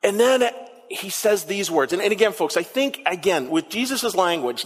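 A male pastor preaching in a church sanctuary, his voice sitting a little high and trailing off into the long reverb of the hall. He tells the story in an animated way and repeats phrases for emphasis. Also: unhurried. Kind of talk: sermon.

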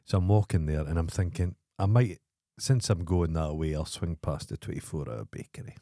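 A man's voice: deep voice, moderate pace, mellow, no echo, studio quality. A middle-aged man with a Scottish accent, co-hosting a podcast, telling stories bluntly and grumpily with lots of swearing. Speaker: podcast co-host. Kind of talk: casual chat.

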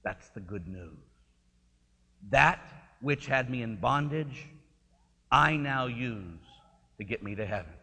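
A man preaching a sermon in a lively, swooping voice. He is conversational and emphatic, with a bright, forceful tone. His voice rings with a long church reverb. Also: medium pitch, slow, long pauses, husky.

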